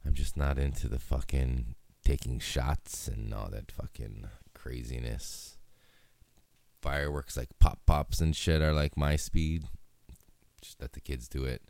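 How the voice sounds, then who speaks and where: Solo podcast host, young man, very low gravelly voice, dark tone, rambling and profane. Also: measured pace, no room sound. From Hawaii. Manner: laid-back, rambling, heavy swearing. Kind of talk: casual solo podcast chat.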